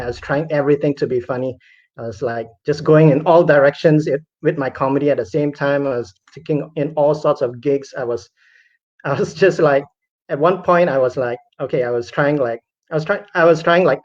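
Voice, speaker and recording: A man's voice: on the high side, a little mellow. A man who is a comedian, telling a personal story in a chatty, self-deprecating way with many fillers. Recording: dull lo-fi recording.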